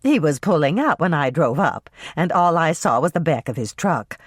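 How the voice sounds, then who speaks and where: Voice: medium pitch, expressive, normal speed, slightly rough, no room sound, clean studio sound. A narrator doing a wry, patient young baker woman.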